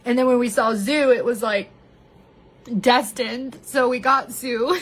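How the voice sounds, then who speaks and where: A woman's voice: on the high side, steady tone, unhurried, a bit bright, breathy edge. A woman streaming live to her viewers, talking candidly and from the heart about her marriage, laughing often. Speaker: vlogger sharing personal story. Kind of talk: emotional live-stream monologue.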